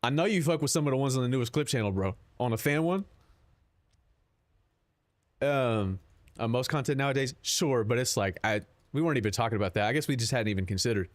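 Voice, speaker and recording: A man's voice: mid-range voice, animated, a little fast. A man streaming a game, chatting casually with his chat in a rambling, profane, laid-back way.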